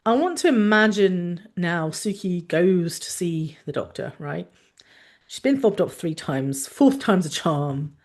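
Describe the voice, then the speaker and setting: A woman doctor hosting a talk, explaining frankly in a chatty way with lively asides. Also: lowish voice, unhurried. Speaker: doctor and podcast host.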